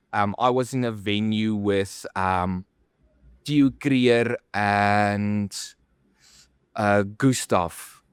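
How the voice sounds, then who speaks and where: Smooth-voiced man telling stories. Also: on the low side, no echo, clean studio sound. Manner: rambling, animated storytelling with many fillers. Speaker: podcast co-host. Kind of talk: casual storytelling chat.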